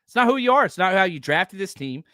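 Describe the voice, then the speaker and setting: Male fan-podcast host, blunt and animated, lively swooping delivery, dry close sound. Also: high voice, fast, no echo. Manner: animated, blunt, reads out viewer chats. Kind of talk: live postgame fan reaction show.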